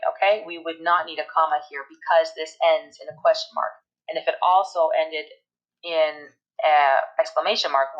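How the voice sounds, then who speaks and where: A woman teaches an English grammar lesson on a lo-fi recording, explaining things step by step and slowly reading examples aloud. Her voice sits low yet has a fairly bright tone.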